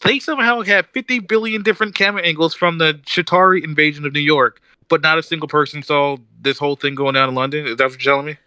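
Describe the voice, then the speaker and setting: A man co-hosting a podcast in casual chat, ranting with animated energy and mimicking characters as he tells a story. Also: a little high, fast, hardly any pauses, clean tone, no room sound. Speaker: podcast co-host.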